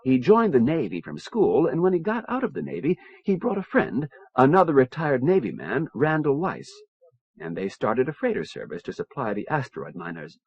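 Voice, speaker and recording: A man voicing a poised young woman naval intelligence officer, calm and confiding, on a dull lo-fi cassette recording. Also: medium pitch, normal speed, slightly rough, no echo, exaggerated voice.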